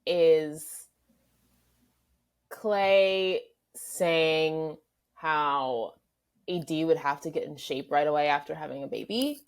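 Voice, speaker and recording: Frank, lower-voiced woman co-host. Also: slow, long pauses. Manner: frank, opinionated commentary. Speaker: podcast co-host. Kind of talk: casual TV review chat.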